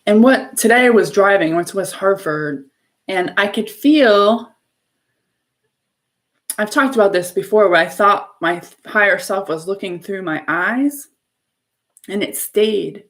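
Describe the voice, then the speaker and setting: A woman's voice: medium pitch, unhurried, long pauses, fairly bright tone. A woman hosting a casual spiritual live stream, talking in an earnest, effusive way. She shares her own experience in a loose, storytelling flow. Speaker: live show host.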